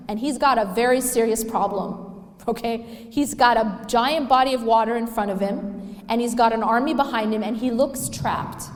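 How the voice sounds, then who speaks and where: A woman giving a religious lecture to an audience, emphatic, often putting questions to the listeners. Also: fairly high pitch. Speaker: speaker. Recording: echoey hall.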